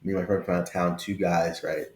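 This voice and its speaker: A man of about thirty, late 20s to early 30s, hosts a casual tech vlog in a low voice with a level tone and a quick pace, and the sound is reverberant. He talks in an open, affectionate, conversational way and keeps checking in with "right?".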